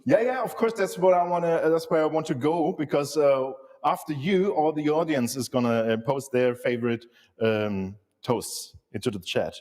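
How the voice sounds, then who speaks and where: A man's voice: a little high, moderate pace, darkish tone. A man hosting a live beer tasting, talking in a jokey, eager way and often stumbling over and repeating his words. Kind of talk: casual live-stream chat. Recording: long hall reverb.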